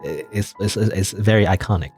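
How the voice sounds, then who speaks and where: A man's voice: on the low side, normal speed, darkish tone, soft background music. A man casually commenting on a video game as he plays, rambling and hedging with chuckling asides. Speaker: let's play gamer.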